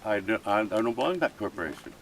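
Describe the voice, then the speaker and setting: At an outdoor protest camp, a First Nations chief argues face to face with police in a heated exchange. His low voice is animated and racing, impassioned and pleading as he repeats his points over and over, with noisy background sound.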